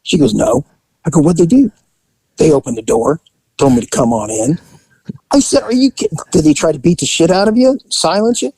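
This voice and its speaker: A man hosting a podcast, telling a police story in a relaxed, conversational way and acting out the people in it. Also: fairly high pitch, a little fast, breathy edge, no room sound, poor audio. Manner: animated storyteller who acts out the people in his story. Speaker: podcast host and former police officer. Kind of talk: casual storytelling.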